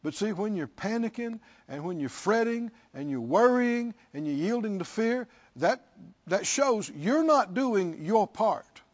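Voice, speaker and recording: A man's voice: high-pitched, lively intonation, unhurried, lo-fi sound. A man preaching a sermon, reading scripture and repeating questions to his listeners with rising fervor.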